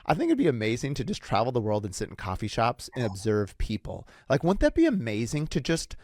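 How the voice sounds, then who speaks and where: A male podcast host talks in a casual, rambling way, thinking out loud and drifting between reflections and stories. His pitch swings widely and expressively as he goes. The recording is dry and close, with no room sound. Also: a little fast, no room sound. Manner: rambling, reflective, animated storytelling. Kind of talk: casual interview chat.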